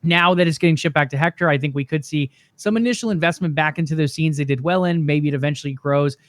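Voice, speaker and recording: A man's voice: a little high, fast, a bit bright, dry recording. A man co-hosting a gaming podcast in an easygoing, chatty way, laughing at his own jokes. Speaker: podcast co-host. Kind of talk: casual gaming podcast chat.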